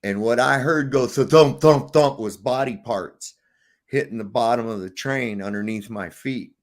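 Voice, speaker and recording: A middle-aged man hosting a podcast, telling stories in a profane, animated, casual chat. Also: mid-range voice, normal speed. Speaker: podcast host.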